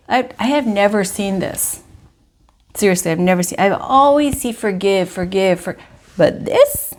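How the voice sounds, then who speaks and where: A woman's voice: medium pitch, animated, normal speed. A woman giving a casual tarot reading to camera, talking emphatically and repeating herself with lots of "you know" and "like". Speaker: tarot reader.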